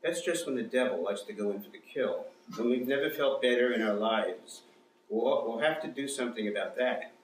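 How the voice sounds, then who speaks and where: A man's voice: mid-range voice, normal speed, distant mic, a little hiss or hum, lightly acted. Man doing a blunt, ominous dentist. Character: brusque erratic middle-aged male dentist. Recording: echoey room, mic from afar.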